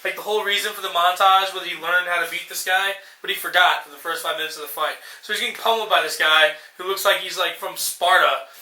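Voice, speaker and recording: A man's voice: high-pitched, fairly even intonation, quick pace, hardly any pauses, sharp tone, echoey room, rough recording. A young man ranting sarcastically and profanely in casual chat, acting out movie lines as co-host. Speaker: podcast co-host.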